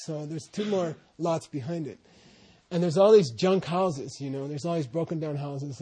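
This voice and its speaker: A man's voice, a little high and mellow with a breathy edge, belongs to a translator chatting informally with a group. He spins winding stories about his teacher, with plenty of asides.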